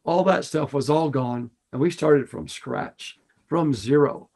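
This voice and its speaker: Earnest middle-aged man, slightly high voice. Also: measured pace, darkish tone. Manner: earnest and heartfelt, repeats phrases for emphasis. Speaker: fishing guide and podcast host. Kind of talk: casual podcast talk.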